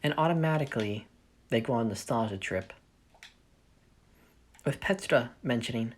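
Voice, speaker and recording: Deep-voiced woman rambling about her fanfic plot, lots of self-corrections, lively ups and downs. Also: moderate pace, a little hiss or hum. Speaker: fanfiction storyteller. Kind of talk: casual story explanation.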